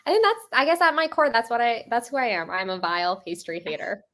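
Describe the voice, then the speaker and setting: Lively young American woman. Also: a little high, a little fast. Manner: self-deprecating, chatty. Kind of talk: casual chat.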